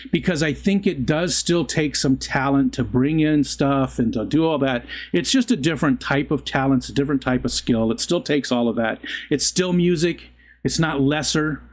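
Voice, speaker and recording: A man's voice: mid-range voice, moderate pace. A middle-aged man hosting a casual live stream, chatting in an easygoing, rambling way and often stopping to restart his sentences. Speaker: livestream host reading chat. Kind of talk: casual chat.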